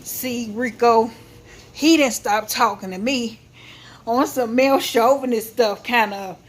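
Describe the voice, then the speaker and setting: A woman's voice: on the high side, measured pace. Woman, livestream host, blunt, heated, casual chat. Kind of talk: casual venting chat to viewers.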